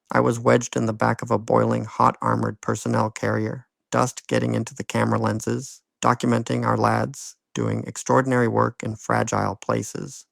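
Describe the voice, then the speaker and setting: A man in his fifties with a thick Dublin accent tells his own story with dry wit and a knack for the comic aside. His voice is heavily gravelly, full of low fry, and it sits in an ordinary middle register. The sound is close and dead, with no room around it. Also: dry recording. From Ireland. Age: 50s. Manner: wry, humorous anecdotal delivery. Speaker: school bus driver. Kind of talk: personal storytelling monologue.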